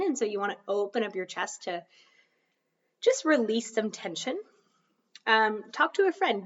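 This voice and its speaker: A woman's voice: mid-range voice, recorded from a distance, lo-fi sound. A woman hosting a solo podcast, talking casually in a chatty, self-deprecating coaching tone. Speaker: podcast host.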